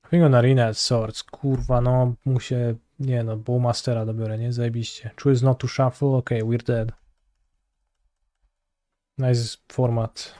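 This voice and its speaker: A man's voice: mid-range voice, little pitch movement, normal speed, mellow, dry recording. A man with a Polish accent, a streamer muttering casual, sarcastic commentary over his game, swearing when frustrated.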